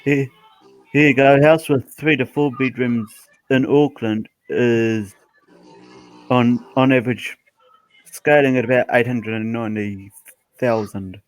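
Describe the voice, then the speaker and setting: A man's voice: medium pitch, steady tone, a little slow, long pauses, dry recording, soft background music, poor audio. A man, a guest on a live stream, bantering and reading out house prices. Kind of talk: casual live stream chat.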